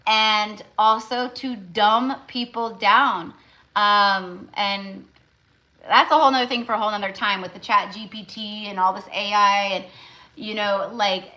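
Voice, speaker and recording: A woman's voice: fairly high pitch, pushed and bright, low-quality recording. A woman tarot reader hosting a casual live stream, talking emphatically with lots of repetition and fillers.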